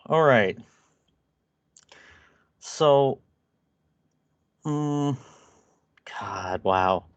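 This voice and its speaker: A man's voice: mid-range voice, animated, very slow, long pauses, clean tone, no echo. A man co-hosting a podcast, trading crude jokes and mocking impressions, laughing often. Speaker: podcast co-host. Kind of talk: casual comedic commentary.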